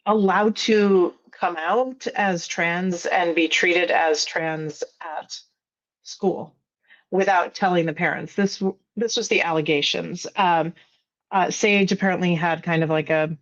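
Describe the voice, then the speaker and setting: A woman journalist and podcast host, raspy from a cold, giving thoughtful casual commentary as a guest on a live panel. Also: fairly low pitch, muffled recording. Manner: thoughtful, explains at length with fillers.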